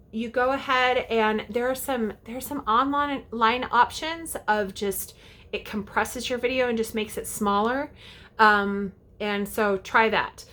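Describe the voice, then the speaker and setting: A woman with a slightly high voice explains audition steps as a youth theater director. She talks in a casual, chatty way and often stops to check in with a quick "okay?". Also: a bit bright. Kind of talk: casual instructional talk to parents and kids.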